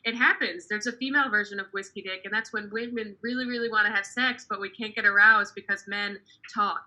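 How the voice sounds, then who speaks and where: A woman's voice: mid-range voice, fairly even intonation, brisk, pushed and bright, low-quality recording. A young woman performing a stand-up comedy set over a video call, chatty and self-deprecating, often laughing at her own jokes.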